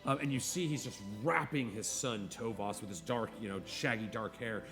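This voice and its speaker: A man's voice: mid-range voice, normal speed. Laid-back male game master, music behind. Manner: casual, filler-heavy narration. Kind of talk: narrating a tabletop game.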